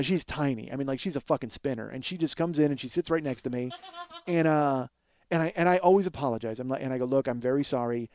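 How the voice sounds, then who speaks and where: A man's voice: a little high, darkish tone, no room sound. A man hosting a podcast, telling a long comic story in a profane, ranting, self-mocking way. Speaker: podcast host. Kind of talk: solo comedic storytelling monologue.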